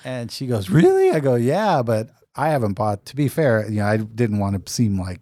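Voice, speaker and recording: A man's voice: fairly low pitch, normal speed, a little mellow, no echo, clean studio sound. A man co-hosting a podcast, telling a long rambling anecdote in casual chat and acting out the dialogue he quotes. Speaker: podcast co-host.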